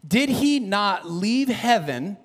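A man preaching a sermon, animated, building to shouted emphasis and dropping low again. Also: slow pace, in a large hall.

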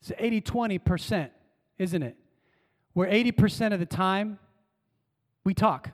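High-voiced pastor in an echoing church. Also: male voice, unhurried. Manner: dynamic, swinging from emphatic calls to hushed words; call-and-response with the congregation. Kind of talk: sermon. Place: church sanctuary. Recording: long church-hall reverb.

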